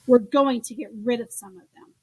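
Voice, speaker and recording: A woman's voice: fairly high pitch, moderate pace, warm tone, slightly rough. A woman voicing a firm, impatient mother fed up with her son's toys. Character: exasperated mom clearing out toys.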